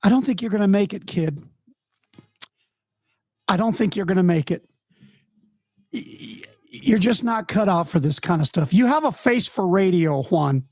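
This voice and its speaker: Guy putting on a sneering naysayer dude, teasing, voice jumping low to high, dry sound. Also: lively intonation, normal speed, pauses often, darkish tone, dry recording. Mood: taunting. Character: taunting male naysayer mocking a hopeful beginner.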